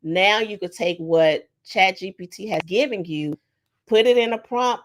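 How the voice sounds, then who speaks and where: A woman's voice: medium pitch, normal speed. A woman presenting a casual online workshop, talking conversationally with many fillers and acting out sample prompts. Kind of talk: casual webinar teaching.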